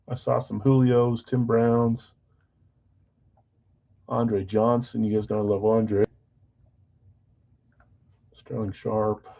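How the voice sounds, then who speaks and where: A man hosting a live sports card break stream, chatting casually with viewers and reading their comments aloud. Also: lowish voice. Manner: chatty, counts down excitedly, reads viewer chat. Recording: slightly dull lo-fi stream audio.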